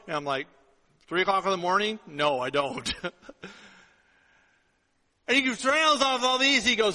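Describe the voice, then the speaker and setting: Animated high-voiced male pastor preaching. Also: normal speed, pauses often. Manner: storytelling, animated with acted-out dialogue. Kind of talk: sermon. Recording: long reverb of a hall.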